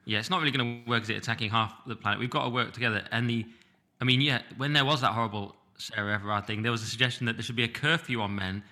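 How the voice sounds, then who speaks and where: A man talking as a podcast guest, quick and emphatic in his opinions. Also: mid-range voice, pushed and bright. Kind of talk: casual chat.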